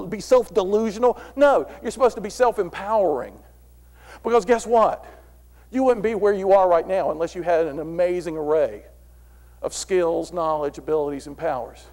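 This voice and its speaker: Animated man speaking in a reverberant hall. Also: high voice. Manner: animated storyteller, acts out dialogue. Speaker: philosophy speaker. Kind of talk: motivational talk with stories. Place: large room before an audience.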